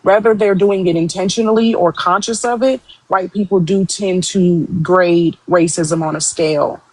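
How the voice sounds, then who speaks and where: A woman's voice: fairly low pitch, fairly even intonation, normal speed, darkish tone, no echo, rough recording. A woman hosting a live-stream discussion, explaining her view firmly and at length. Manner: firm, emphatic, explains at length. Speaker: host.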